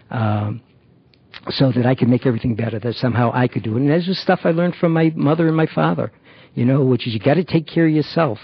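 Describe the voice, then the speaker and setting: Gravelly man giving halting personal testimony. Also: mid-range voice, no echo, highs cut off. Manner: halting, many fillers and restarts. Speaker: recovery program member.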